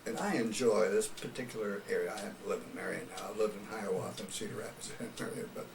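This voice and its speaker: Older man, low voice, ex-radio storyteller, distant mic in a roomy space, hiss behind. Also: fast talker, vocal fry. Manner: folksy storyteller, chuckles often. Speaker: retired radio personality. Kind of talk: oral history interview.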